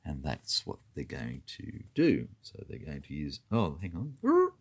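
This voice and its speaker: Brief: man with an extremely low voice and a lively, swinging delivery, unhurried, narrating a board game turn step by step. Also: breathy edge. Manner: methodical, counts moves and dice aloud. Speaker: tabletop wargame player.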